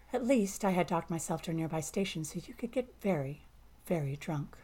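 Husky, low-voiced woman narrating. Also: lively intonation, brisk, warm tone. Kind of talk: first-person audiobook narration.

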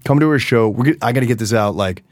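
A man hosting a podcast, chatting casually and energetically, profane, with loud bursts and mumbled asides. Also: mid-range voice, fast, dry recording. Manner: animated and profane, swings from loud bursts to mutters. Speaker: podcast host. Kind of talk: casual solo podcast chat.

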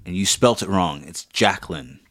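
Deep-voiced playful male podcast host. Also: normal speed, fairly bright tone, dry recording, clean studio sound. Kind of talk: improvised comedy chat.

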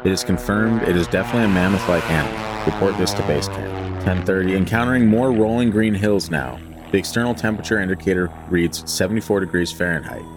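A man co-hosting a casual podcast, reading a flight log aloud in a deadpan voice and joking between passages. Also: deep voice, fast talker, few pauses, background noise.

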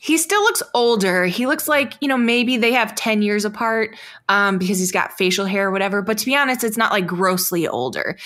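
A woman co-hosting a casual film review chat, animated and laughing, full of likes and ums. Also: medium pitch, a little fast. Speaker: podcast co-host.

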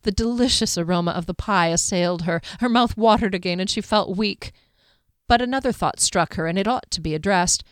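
A woman narrating a fantasy audiobook in a measured, even storytelling manner. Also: medium pitch, clean tone, no room sound, clean studio sound.

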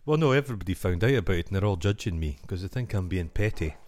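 A Scottish man hosting a podcast, chatting casually and telling animated stories in which he acts out the other people. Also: deep voice, fast talker, no echo. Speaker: podcast host. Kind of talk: casual chat.

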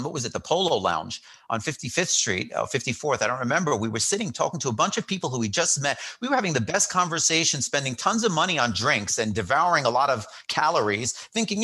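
A middle-aged man spinning a story in a casual interview chat. His voice is bright and forward, with lively swings in pitch. He acts out quoted lines and often restarts his sentences as he goes. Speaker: guest.

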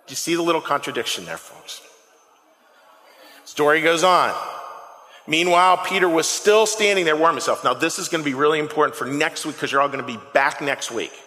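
High, bright preacher in a reverberant hall. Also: male voice, fairly quick. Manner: animated, conversational, asks the congregation questions. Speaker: pastor. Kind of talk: lively sermon. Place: church sanctuary. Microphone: handheld microphone.

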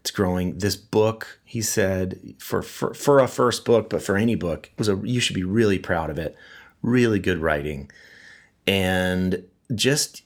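A middle-aged man with a low voice and measured pace hosts a podcast, wheezy from a cold. He delivers a casual monologue, laughing at his own stories.

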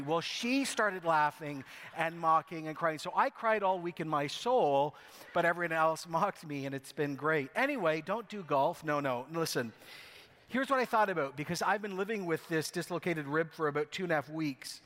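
A man's voice: on the high side, animated, moderate pace, a bit bright. A male pastor preaching a sermon, telling a self-mocking story with wry humor before turning to scripture, in a church. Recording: long hall reverb.

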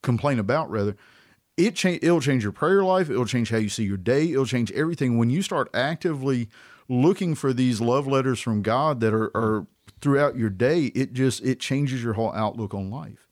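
A male producer with a mid-pitched voice who speaks in earnest, heartfelt terms about his own experience. He sounds like he is joining a casual faith discussion. The recording is dry and close. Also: lively intonation, normal speed, dry recording. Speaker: podcast producer.

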